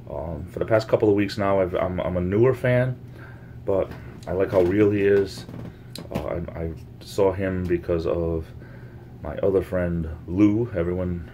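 A man with a very low voice talks loosely to his viewers, wandering from thought to thought and circling back on the same phrases. He makes up words now and then. A faint hum sits under the recording. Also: dark tone, muffled recording. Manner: meandering, repeats phrases, coins words. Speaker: YouTube vlogger. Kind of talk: casual rambling monologue to camera. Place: home, near the laundry.

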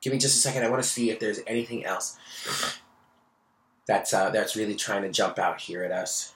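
A man giving a daily tarot card reading, reading card texts aloud and breaking into excited asides. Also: lowish voice, brisk. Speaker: tarot reader.

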